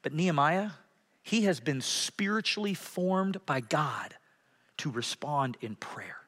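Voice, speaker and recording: A man preaching a sermon as a pastor in a church, animated, swinging from loud passages to hushed ones. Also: a little high, takes it slowly. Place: church sanctuary. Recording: hall reverb.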